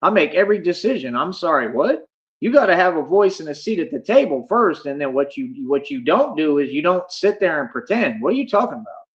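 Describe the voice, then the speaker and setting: A man's voice: fairly high pitch, big pitch swings, fairly quick, highs cut off. A man livestreaming, ranting boastfully at his chat, defiant and repetitive, calling listeners homie. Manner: brash, defiant, repeats himself and calls listeners homie.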